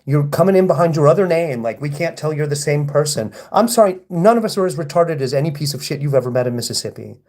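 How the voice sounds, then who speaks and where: A man's voice: a little high, quick pace, hardly any pauses, darkish tone. A man on a live stream who reads viewer comments aloud and answers them, taunting, provoking and swearing at his hecklers. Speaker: livestreamer. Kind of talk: live stream reading chat comments and replying.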